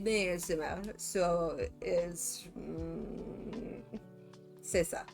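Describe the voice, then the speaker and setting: Slow-talking Canadian woman streamer. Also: on the low side, vocal fry, faint music behind. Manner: rambling, chatty, lots of fillers. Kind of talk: casual chat with viewers.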